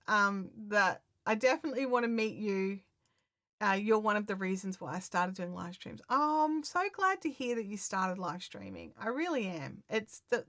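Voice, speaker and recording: A woman chatting casually to her viewers on a live stream, excitable and full of fillers and restarts. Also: medium pitch, no room sound, studio quality. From Australia.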